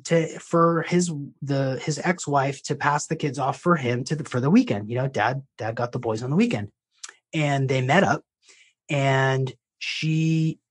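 A man's voice: medium pitch, breathy edge. A man, a life coach, talking as a podcast guest and telling a long story in a loose, rambling way with frequent restarts. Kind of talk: conversational storytelling.

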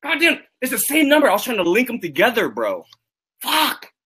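A man's voice: very high-pitched, wildly swooping pitch, fast talker, pushed and bright, slightly rough. A man on a livestream making an indignant, swearing prank phone call and repeating himself.

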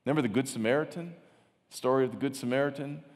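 A man's voice: medium pitch, fast talker, a little mellow. A man preaching a sermon as pastor. He talks with animation and acts out mocking voices. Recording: long hall reverb.

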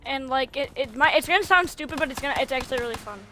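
A woman's voice: sits high, racing, sharp tone, slight background noise. A woman streaming a video game, chatting casually and coaxing, repeating herself a lot. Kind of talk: casual live-stream chatter while playing.

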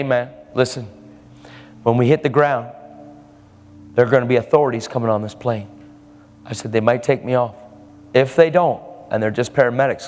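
A man preaching a sermon, telling a story and acting out the people in it. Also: mid-range voice. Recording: live hall with long reverb and faint ambience.

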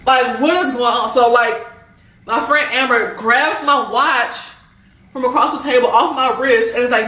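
A young woman, telling an animated, rambling storytime full of slang and filler words. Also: fairly high pitch, normal speed, roomy sound, far from the mic, low-quality recording. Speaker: vlogger. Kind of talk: storytime while eating.

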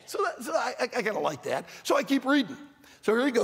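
A man preaching an animated sermon to a congregation, calling on them to answer back. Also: high-pitched, quick pace, creaky, husky. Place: large church or auditorium with long reverb. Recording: long hall reverb.

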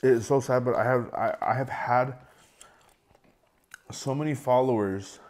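A man's voice: mid-range voice, a little slow, darkish tone. A man in his thirties talking casually to camera as a food vlogger, rambling with repeated words and fillers. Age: 30s. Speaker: mukbang vlogger.

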